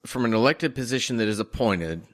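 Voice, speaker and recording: A man's voice: medium pitch, a little fast, no room sound, studio quality. A man co-hosting a podcast in casual chat, picking apart film details as he thinks aloud. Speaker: podcast co-host.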